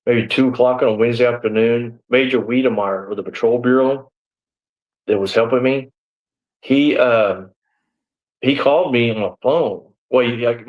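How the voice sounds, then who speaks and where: Recorded with poor audio, this man in his sixties speaks at a medium pitch while recounting his days as a deputy in a live interview. His telling wanders somewhat, peppered with "you know" and "man," and he plays out both sides of the conversations he repeats.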